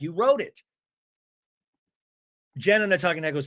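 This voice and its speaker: A man hosting a podcast, recapping a reality TV episode with animated, sarcastic, gossipy commentary. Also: sits high, fairly quick, pauses often. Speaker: podcast host.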